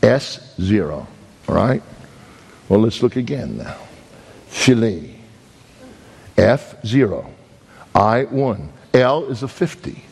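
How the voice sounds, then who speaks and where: Emphatic Brooklyn preacher in a reverberant hall. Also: male voice, big pitch swings, slow, vocal fry, pauses often, darkish tone, slightly rough. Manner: storytelling, dramatic swings in pitch, emphatic. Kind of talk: sermon.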